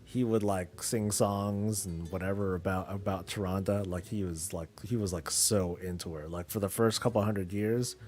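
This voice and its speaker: A man's voice: low voice, fairly even intonation, moderate pace, hardly any pauses, darkish tone, soft background music, natural voice. Man putting on a female warden, mocking, gossipy, casual.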